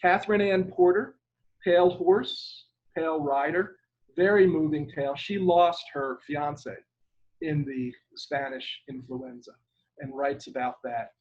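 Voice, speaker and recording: Older husky man on dull call audio. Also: fairly high pitch, unhurried, darkish tone. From Ireland. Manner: rambling and hesitant, spells out names letter by letter. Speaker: guest, retired government lawyer. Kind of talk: relaxed interview over a video call.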